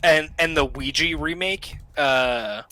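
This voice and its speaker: A young man hosting a casual film podcast, excitable and quick to swear and laugh. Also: a little high. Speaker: podcast host. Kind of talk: casual chat.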